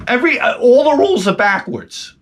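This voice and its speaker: A man's voice: extremely high pitch, sing-song, a little fast. A man telling a rambling, profane story in a casual comedic rant to his vlog audience. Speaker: vlogger.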